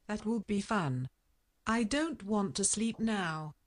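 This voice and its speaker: A woman voicing a slow, calm, good-natured male tortoise in a children's storybook. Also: mid-range voice.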